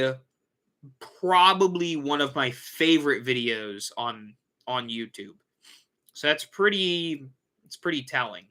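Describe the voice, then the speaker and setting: Bright-voiced man chatting on a livestream. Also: on the high side. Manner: rambling, self-correcting, yawning. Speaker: host. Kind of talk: casual livestream chat.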